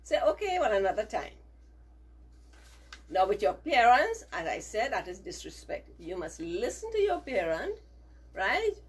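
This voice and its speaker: A woman's voice: mid-range voice, huge pitch swings, unhurried, slightly rough, poor audio. A middle-aged woman teacher giving a values lesson to children, coaxing them to repeat phrases after her.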